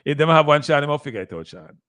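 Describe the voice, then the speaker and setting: A man's voice: on the high side, lively intonation, fast, a bit bright, no room sound. A middle-aged man with a Jamaican accent, hosting a live sports show in a chatty, repetitive way and talking straight to his viewers. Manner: chatty, repeats himself, talks straight to viewers. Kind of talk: casual live-stream commentary.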